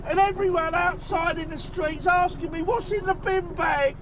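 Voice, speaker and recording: A man voicing a tearful middle-aged cab driver, talking softly and drawn out. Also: very high-pitched, steady tone, moderate pace, over music, pitched above the performer's own voice. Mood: weepy. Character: tearful middle-aged male London cabbie.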